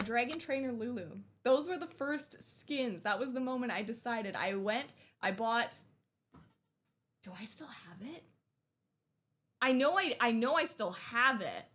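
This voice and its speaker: Young woman streamer unboxing stuff, gushy and chatty, kinda high voice. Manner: excitable, gushing, chatty.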